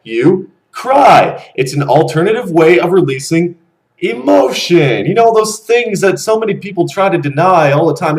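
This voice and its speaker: A young man around twenty ranting bluntly to camera, animated and swearing freely. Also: fairly high pitch, rough recording. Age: young adult. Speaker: vlogger. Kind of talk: casual rant to camera.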